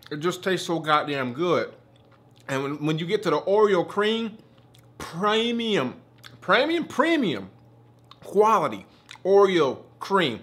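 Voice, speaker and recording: Excitable, profane man reviewing candy. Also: on the high side. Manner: profane, excitable, talks while eating. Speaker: food reviewer. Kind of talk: casual food review.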